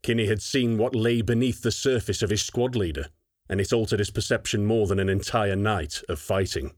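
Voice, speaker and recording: Male audiobook narrator, low and steady, dry close mic. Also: normal speed, no room sound.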